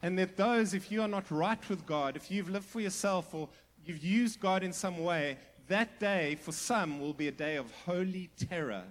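A middle-aged man, preaching a sermon in an earnest, conversational way, with asides and restarts and sudden drops to a hushed voice for emphasis. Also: high voice, normal speed. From South Africa. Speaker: pastor.

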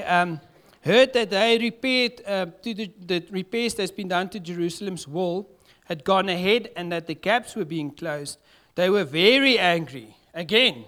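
High-voiced south african pastor preaching, chatty and laughing a lot, slips in afrikaans words. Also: male voice. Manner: lively, laughing, mixes in Afrikaans words, acts out dialogue. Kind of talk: sermon. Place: church.

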